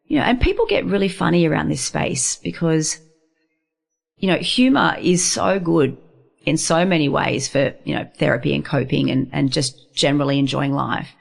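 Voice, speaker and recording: A low-pitched woman with a gravelly texture, talking as a guest in a radio studio. She speaks bluntly and emphatically, pressing her points in a no-nonsense manner. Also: moderate pace. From Australia. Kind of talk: casual radio interview.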